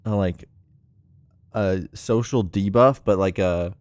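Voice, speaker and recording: A man with a fairly low voice chats casually on a live stream while playing a puzzle game. He rambles, fills pauses with ums and laughs often. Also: a little mellow, dry recording.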